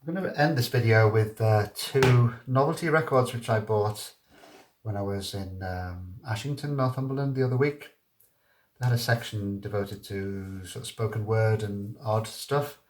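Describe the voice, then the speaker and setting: Gently enthusiastic man, roomy echo. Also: on the low side. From Liverpool, England. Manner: unhurried, hesitant, with frequent ums and restarts. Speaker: vinyl record reviewer. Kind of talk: casual video record review.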